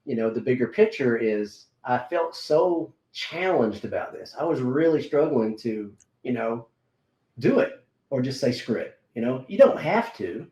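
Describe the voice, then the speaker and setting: A middle-aged man, a martial arts instructor, tells a personal story in a relaxed, halting way, with many fillers and restarts. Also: medium pitch, muffled recording. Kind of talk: casual conversational storytelling. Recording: roomy echo.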